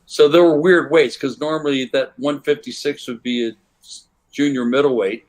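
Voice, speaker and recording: An older man, a guest on an interview, telling rambling stories in a relaxed way and acting out the voices of people in them. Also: medium pitch, normal speed. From United States. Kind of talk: relaxed anecdotal storytelling.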